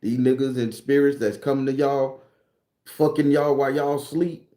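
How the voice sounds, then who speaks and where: A man's voice: medium pitch, steady tone, moderate pace. A man, hosting a livestream and telling stories in a casual, profane way. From southern Florida. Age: 40s. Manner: loud greetings to viewers, profane slang. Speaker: livestream host. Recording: echoey room.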